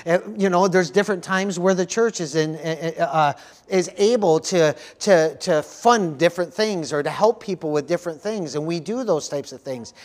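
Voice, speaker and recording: A man's voice: fairly high pitch, normal speed. Earnest preaching male pastor. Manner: earnest preaching, frequent call-outs for "amen", repeats words. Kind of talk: sermon. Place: church service.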